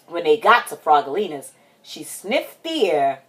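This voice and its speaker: Expressive woman reading a picture book aloud. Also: fairly low pitch, moderate pace. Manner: expressive, dramatic. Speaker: storytime host.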